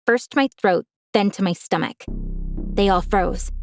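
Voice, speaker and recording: A woman's voice: mid-range voice, unhurried, soft background music. A young woman narrating a dramatic first-person story in an earnest way.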